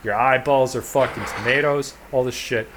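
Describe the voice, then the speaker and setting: A man's voice: medium pitch, fairly even intonation, moderate pace, background noise. A man co-hosting a podcast, telling a long casual story in a rambling, profane, laid-back way. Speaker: podcast co-host.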